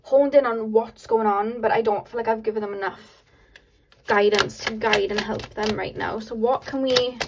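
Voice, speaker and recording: Woman, tarot reader, casual pick-a-card reading, excitable, laughs often, many fillers, slightly high voice. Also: moderate pace, slight background noise, poor audio.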